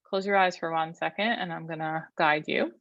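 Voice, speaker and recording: A woman therapist leading an online workshop, calmly guiding a breathing exercise and teaching, counting slowly and giving instructions. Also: deep voice, dry recording, muffled recording. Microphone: online video call.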